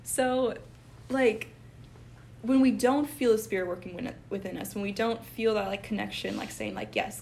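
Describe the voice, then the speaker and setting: A woman's voice: medium pitch, vocal fry, slight background noise. A young woman sharing in a casual Bible study chat, earnest and full of fillers, getting tearful when moved. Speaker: Bible study group member.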